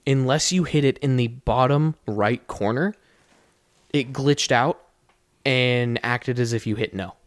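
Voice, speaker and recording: A young man chats on a podcast, rambling through a workplace story and swearing freely. His voice sits at an ordinary pitch, recorded close and dry with no room sound. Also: unhurried, dry recording. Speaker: podcast co-host. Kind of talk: casual storytelling chat.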